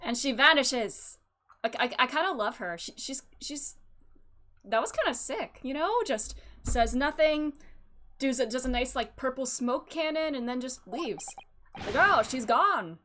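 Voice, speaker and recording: A young woman casually commenting on a game she is playing, in an excitable manner. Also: high voice, measured pace, slight background noise. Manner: excitable and giggly, lots of restarts. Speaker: streamer.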